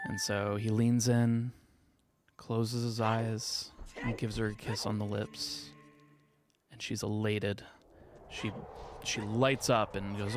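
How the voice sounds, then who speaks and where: Slow-talking man telling a crude joke. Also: fairly low pitch, little pitch movement. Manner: slow, drawn-out delivery with crude swearing. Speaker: streamer. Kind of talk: casual joke-telling while speedrunning. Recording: faint music behind.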